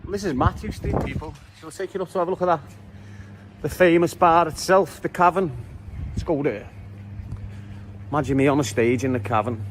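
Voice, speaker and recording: A Liverpool man walks the city and throws cheeky jokes at his viewers in a street-vlog style. He talks briskly in a slightly high voice, pausing often, with slight background noise.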